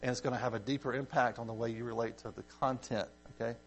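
A man's voice: medium pitch, quick pace, husky. A man teaching a casual Bible study, reading scripture aloud and explaining it conversationally, often checking in with his listeners. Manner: conversational, checks in with "okay?" and "right?", animated emphasis.

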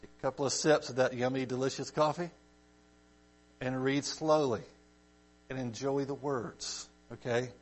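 A man leads a casual Bible study, reading scripture aloud and explaining it in a conversational way. His medium-pitched voice moves at a moderate pace with frequent pauses and animated emphasis, and he often checks in with listeners using "okay?" and "right?"

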